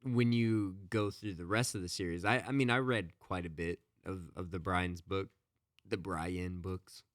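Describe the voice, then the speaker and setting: A man's voice: sits low, steady tone, unhurried, no room sound, clean studio sound. A man co-hosting a podcast, casually retelling a book's story with lots of fillers and restarts. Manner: rambling, many fillers and restarts. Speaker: podcast co-host. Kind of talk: casual chat retelling a book.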